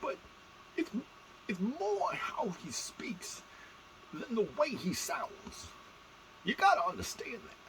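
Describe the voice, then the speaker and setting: A man talking in a put-on squeaky, high-pitched voice, rambling and stammering. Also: huge pitch swings, slow, long pauses, fairly bright tone, a little hiss or hum, heavily acted, rough recording. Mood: ranting.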